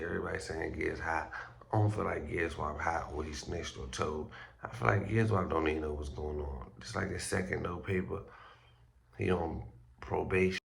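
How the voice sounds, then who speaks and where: Male blogger host, very low gravelly voice, casual and profane, a bit groggy from just waking up. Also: moderate pace, a bit bright. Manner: loose, slangy and profane, with stumbles and restarts. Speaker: street news blogger host. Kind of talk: casual vlog commentary.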